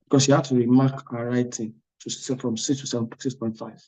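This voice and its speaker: Man, exam tutor, motivational class talk, emphatic, repeats himself, medium pitch. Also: flat delivery, a little fast, a little mellow. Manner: emphatic, repeats words, asks "are you with me?".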